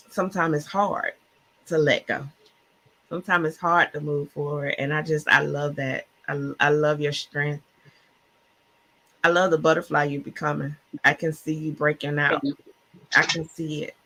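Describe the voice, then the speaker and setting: A woman's voice: deep voice, pushed and bright. A woman guest co-author on a faith-filled podcast, talking with passion, sometimes stumbling over words and admitting she stutters. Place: Clubhouse-style online audio room.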